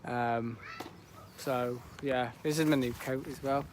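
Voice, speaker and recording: A man's voice: medium pitch, fairly even intonation, slow pace, a little hiss or hum. A teenage boy livestreaming outdoors at an airport viewing park, chatting casually about the planes, rambling and laughing often. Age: teens. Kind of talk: casual live commentary.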